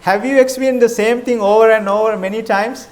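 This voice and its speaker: A man's voice: high-pitched, steady tone, fairly quick. A middle-aged man, a Buddhist monk, giving a conversational dharma talk, often asking his listeners questions, with non-native phrasing.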